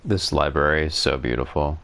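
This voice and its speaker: A man's voice: a bass voice, brisk, creaky, fairly bright tone. A man streaming a game, talking to himself in a casual, wry, musing way, congested from a cold. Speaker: gaming streamer. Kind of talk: casual solo gameplay commentary.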